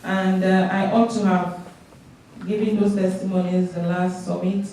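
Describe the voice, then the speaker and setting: A woman's voice: mid-range voice, flat delivery, measured pace, mellow, slight background noise. A young woman giving a church testimony, telling her story earnestly and acting out her conversations with God. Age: young adult. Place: large church hall. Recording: echoey church hall from far off.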